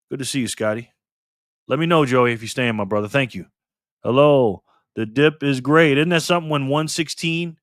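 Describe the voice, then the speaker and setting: A man's voice: medium pitch, a bit bright, dry recording. Older guy on a livestream at his desk, hyped, thanking chat one by one, dry close sound. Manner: upbeat, greets and thanks viewers by name. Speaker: livestream host. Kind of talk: casual livestream chat, reading donations. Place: alone at a desk at home. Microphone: desk mic facing a camera.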